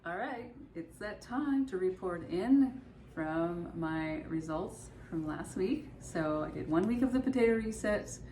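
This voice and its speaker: Woman food vlogger, low-ish voice, chatty home kitchen narration, noisy phone audio. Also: animated, unhurried, mellow. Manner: chatty, rambling, matter-of-fact. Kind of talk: casual vlog narration. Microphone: phone held or propped nearby.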